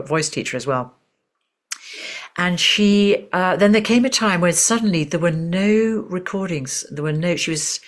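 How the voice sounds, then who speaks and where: Soft-spoken woman voice teacher telling a story. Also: deep voice. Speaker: voice teacher and author, guest. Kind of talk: reflective storytelling in conversation.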